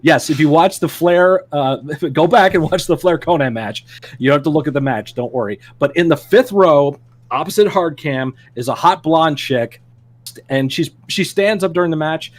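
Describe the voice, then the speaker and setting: A man's voice: fairly high pitch, normal speed. A man co-hosting a wrestling podcast, telling stories in a casual chat, laughing often and acting out quotes. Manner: animated storyteller, laughs often, acts out quotes. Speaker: podcast co-host.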